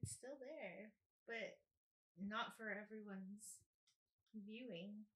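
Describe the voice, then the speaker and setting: A woman's voice: medium pitch, steady tone, slow, a bit bright, low-quality recording. A woman in her twenties, a guest on a casual podcast, teasing and giggly with a hesitant way of talking. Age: 20s.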